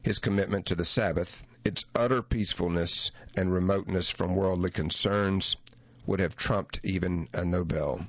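A man with a very low voice reads a memoir as an audiobook, measured and reflective in his delivery. The recording is close and dry, with a slightly dull, muffled tone to it. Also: fairly even intonation, dry recording. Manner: measured, reflective first-person reading. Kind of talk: audiobook narration of a memoir essay.

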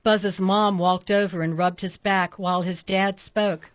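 A woman narrating a storybook at a steady pace, giving each character its own voice. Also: medium pitch, a little slow, no echo. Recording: dull lo-fi dry recording.

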